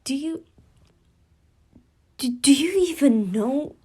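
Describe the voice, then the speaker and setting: A woman voicing an excitable, indignant teen girl who asks rapid, high-pitched questions in a fan-made story reading.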